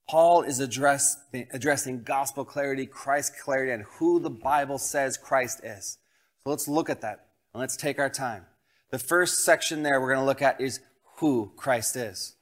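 A man's voice: mid-range voice, moderate pace. A man in his thirties, a pastor preaching a sermon, reading scripture aloud and telling family stories with rising emphasis. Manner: storytelling with family anecdotes.

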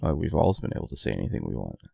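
A man co-hosting a casual podcast, teasing his partner in a dry, deadpan, passive-aggressive way. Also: rumbling low, racing, gravelly, husky, no echo. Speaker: podcast co-host.

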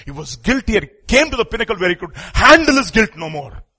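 Fiery preacher with a higher voice. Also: male voice, big pitch swings, normal speed, slightly rough. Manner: impassioned, swings from loud urgent bursts to hushed pleading. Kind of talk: sermon.

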